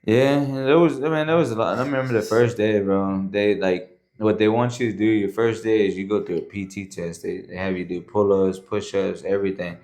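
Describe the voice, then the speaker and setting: A man's voice: fairly low pitch, steady tone, a little fast, a little mellow. A man who is a podcast guest, telling his story in a loose, conversational way full of fillers and frequent "man" and "bro". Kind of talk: casual storytelling.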